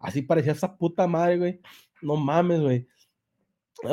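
A man's voice: on the high side, expressive, fast talker, pauses often, mellow. A young man tells a joke in a laid-back, profane way on a live podcast, switching between English and slang. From San Jose, California. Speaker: comedian and podcast host.

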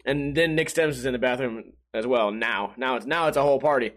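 A young man telling stories in a casual monologue, swearing often and mimicking the people he talks about. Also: brisk. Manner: profane, laughing, mimics others in a higher voice. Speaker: storyteller.

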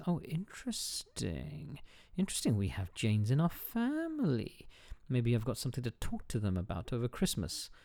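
A man's voice: medium pitch, a little mellow, no echo. A man hosting a casual solo podcast, reading a book aloud, stumbling over hard words, cursing at himself and breaking off with joking asides. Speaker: podcast host.

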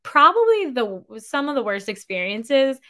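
A woman's voice: high-pitched, very animated, normal speed, fairly bright tone. A woman in her thirties, a podcast host, telling a story in a casual, rambling way and laughing often.

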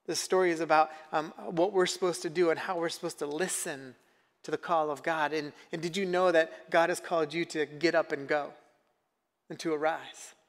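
High-voiced man preaching in an echoey hall. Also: fairly even intonation, moderate pace. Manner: conversational, asks the audience questions. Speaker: pastor. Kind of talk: sermon.

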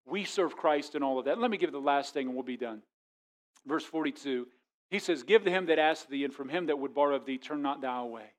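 A male pastor preaching a sermon, animated, acting out quoted voices and swinging from loud exclamations to quiet asides. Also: on the high side, quick pace.

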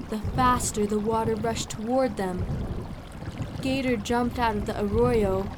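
Over constant background hiss, a woman narrates a children's audiobook from a script. Her delivery is unhurried and clear, pitched fairly high.

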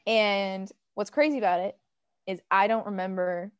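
A young American woman co-hosting a casual chat, giggly and animated, full of fillers. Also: medium pitch, normal speed, smooth, no echo, lo-fi sound. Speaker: podcast co-host.

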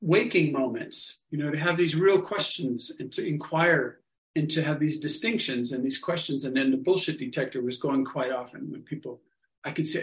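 A man casually telling a story to an online study group, acting out what people said in lively quotes. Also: on the high side, normal speed. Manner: animated, acts out other people's lines. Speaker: workshop leader telling a story. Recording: echoey room sound.

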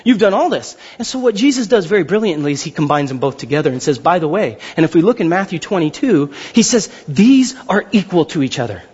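A male pastor in his thirties preaching a sermon, talking fast and getting excited, often checking in with the crowd. His voice sits high and swings widely, with a slightly husky edge. The recording sounds dull and lo-fi.

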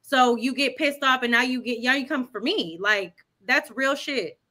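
A woman's voice: high voice, normal speed, bright, forceful tone. A woman hosting a relationship podcast panel, blunt and emphatic, swearing freely in casual chat. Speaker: podcast host.

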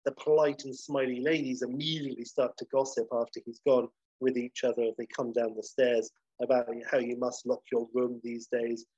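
Husky guy rambling through a show recap, dry dull lo-fi sound. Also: medium pitch, little pitch movement, moderate pace, hardly any pauses, dark tone, dry recording. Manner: rambling, many fillers. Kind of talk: casual episode recap.

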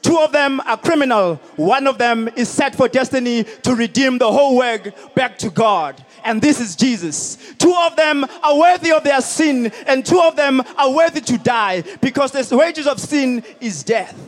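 A man preaches a sermon at an outdoor stadium service, his voice sitting extremely high. He hammers home repeated phrases and rises into shouted climaxes. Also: normal speed, few pauses. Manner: emphatic, repetitive preaching with shouted peaks. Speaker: pastor.

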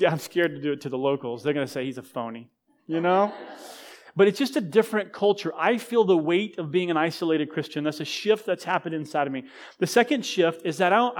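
A man with a fairly high voice delivers a sermon in a church. He talks to the congregation like he's chatting with friends, using humor at his own expense. His sentences often restart midway. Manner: conversational, self-deprecating humor, frequent restarts. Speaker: guest pastor.

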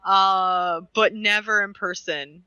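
A woman's voice: mid-range voice, steady tone, takes it slowly, pushed and bright, smooth, no echo, dull audio. A woman co-hosting a podcast, rambling with lots of fillers and giggles. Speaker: podcast co-host. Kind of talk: casual podcast chat.

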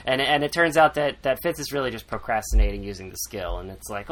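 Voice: medium pitch, lively intonation, fast talker, fairly bright tone. A podcast host recapping a book in casual chat, rambling, sarcastic and swearing freely.

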